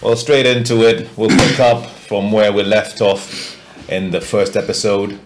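A man hosts a relaxed podcast in a very low voice. He speaks slowly, pausing often with fillers and restarting his sentences. There is faint background noise behind him. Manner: halting, many fillers and restarts. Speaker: podcast host. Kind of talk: casual podcast chat.

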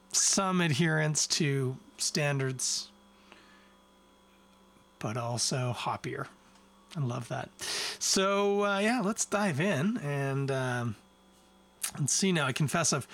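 A man's voice: a little high, fairly bright tone. A man hosting a beer podcast, talking casually in a rambling, chatty way with self-mocking asides. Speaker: podcast host reviewing beer. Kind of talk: casual chat, tasting review.

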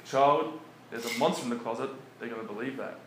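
A man preaching in a relaxed, conversational way, often chuckling between his points. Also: medium pitch, brisk. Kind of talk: conversational sermon. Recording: echoey room with faint background noise.

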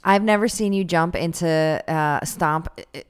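Female co-host from Albania, low smooth voice, dry teasing delivery. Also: moderate pace. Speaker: podcast co-host. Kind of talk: casual banter. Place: home in Los Angeles.

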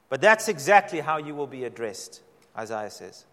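A middle-aged man, a pastor, giving a sermon with dramatic, emphatic delivery and slow repeated phrases. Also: fairly high pitch, very animated, fairly bright tone. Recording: long hall reverb.

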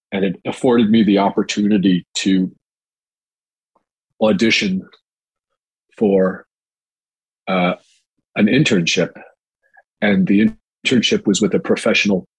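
A man in his sixties from New York, an actor telling his life story in a relaxed, rambling way with many fillers. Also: sits low, husky, no room sound, poor audio. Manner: relaxed, rambling with fillers, mimics quoted voices. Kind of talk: storytelling in a casual interview.

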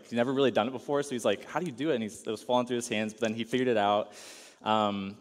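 Enthusiastic young-dad preacher in reverberant hall. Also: male voice, medium pitch. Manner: casual, enthusiastic, many fillers and "like". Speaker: pastor. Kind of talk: sermon with a personal story.

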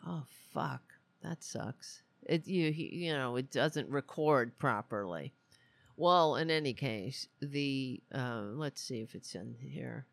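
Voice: medium pitch, takes it slowly, gravelly, no echo. A political commentary host speaking casually and with indignation, stopping often to restart a thought. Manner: animated, indignant, many restarts and asides.

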